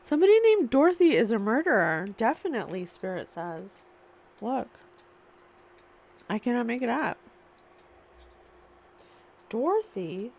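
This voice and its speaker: Slow, musing woman psychic reader. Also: a little high, big pitch swings, darkish tone, a little hiss or hum. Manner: musing, questioning aloud to spirit. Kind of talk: channeling a spiritual reading.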